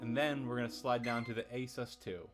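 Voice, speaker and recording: A brisk man with a medium-pitched voice teaches a song on guitar over livestream, keeping things relaxed and talkative. He laughs often and replies to chat between explanations, with an acoustic guitar faintly audible.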